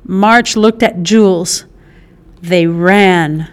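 Woman, audiobook narration, unhurried, clear smooth voice. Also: on the low side. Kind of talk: scripted narration.

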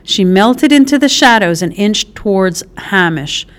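Brief: slow, smooth-voiced woman reading a novel aloud. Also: medium pitch, animated. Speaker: audiobook narrator. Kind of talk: scripted narration.

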